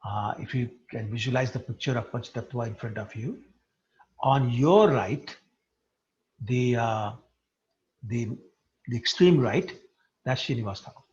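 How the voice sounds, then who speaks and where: A man tells a devotional story over a video call, acting out each character's lines. His voice sits in a middle pitch. The call audio sounds dull and lo-fi. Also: a little slow, pauses often. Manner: animated storytelling, acting out dialogue. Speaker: devotional speaker. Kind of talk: storytelling religious talk.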